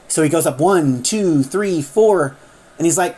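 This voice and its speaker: A woman's voice: deep voice, measured pace, dark tone, husky. A woman casually retelling a story in a chatty way, acting out the characters as she goes.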